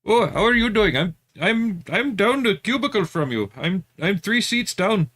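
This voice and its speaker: A man doing a squeaky, stammering fake coworker. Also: expressive, moderate pace, bright, forceful tone, full character voice. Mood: mock friendly.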